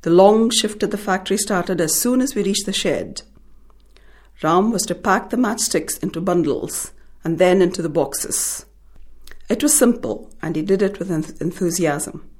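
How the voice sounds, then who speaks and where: A woman from India, an author, talking about her short story and then reading it in a measured, thoughtful way. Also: fairly low pitch, a little mellow.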